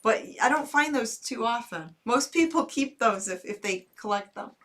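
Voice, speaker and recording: Bright chatty woman horror host. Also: fairly high pitch, lively intonation, moderate pace, distant mic. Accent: American Midwest. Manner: chatty, giggly, bubbly. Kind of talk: casual chat reading comments.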